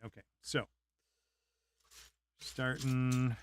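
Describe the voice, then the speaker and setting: A man's voice: mid-range voice, flat delivery, extremely slow, a little hiss or hum. A young man on a casual live stream, chatting in a laid-back way, chuckling often and muttering to himself as he builds a model.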